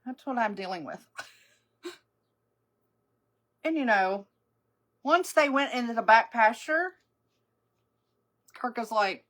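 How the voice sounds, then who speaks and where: A woman's voice: fairly high pitch, lively intonation, slow, long pauses, fairly bright tone. A woman hosting a live makeup stream, chatting casually and rambling through stories with frequent laughter. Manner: rambling, chatty storyteller who laughs often.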